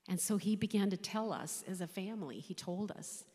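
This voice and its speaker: A woman in her sixties, a chaplain, giving an emotional personal faith testimony, speaking haltingly and often dropping to a whisper. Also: medium pitch, dark tone. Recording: long hall reverb.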